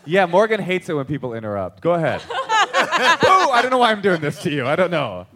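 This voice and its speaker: Male co-host, high bouncy voice, teasing live-show banter. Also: a little fast. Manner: animated, joking, teasing. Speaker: podcast co-host. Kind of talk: live comedy podcast banter. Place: theater stage before a live audience.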